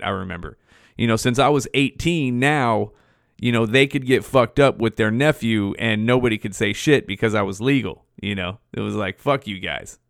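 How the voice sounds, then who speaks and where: A man's voice: mid-range voice, gravelly, dry recording, studio quality. Profane rambling man telling stories. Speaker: podcast host. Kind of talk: casual storytelling.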